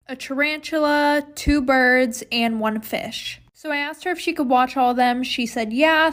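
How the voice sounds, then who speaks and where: High-voiced chatty young woman. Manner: chatty, exasperated, fillers like "like". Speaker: storyteller. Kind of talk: casual storytime narration.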